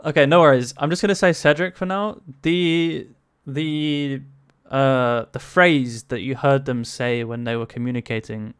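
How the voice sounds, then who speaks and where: A man's voice: mid-range voice, fairly even intonation, measured pace, hardly any pauses, clean tone, dry recording, studio quality. A man narrating a tabletop game as game master, hesitant, with many fillers.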